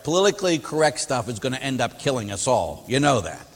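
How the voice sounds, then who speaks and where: A man, a Catholic priest, preaching a teaching talk and telling stories with lively acted-out quotes. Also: mid-range voice, a little fast, hardly any pauses, long reverb tail. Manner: animated storytelling, acts out quoted voices.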